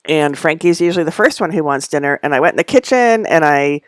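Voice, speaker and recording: At home surrounded by packed belongings, a middle-aged woman hosts a casual live knitting stream, rambling through asides and laughing often. Her voice is low with lively intonation, she talks fast, and there is no echo.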